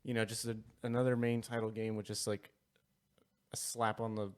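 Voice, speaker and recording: A man's voice: on the low side, little pitch movement, normal speed. Casual rambling male podcast co-host. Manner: rambling, lots of fillers and restarts. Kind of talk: casual chat.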